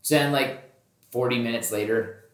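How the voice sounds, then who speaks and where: A man's voice: mid-range voice, normal speed. A man in the middle of his range spins a casual tale, swearing freely and slipping into the voices of the people he quotes. His voice carries a noticeable room echo, as if recorded in a bare space. He talks the way a podcast host talks with a friend. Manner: animated, acts out quoted dialogue, swears freely. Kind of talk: casual storytelling. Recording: roomy echoey recording.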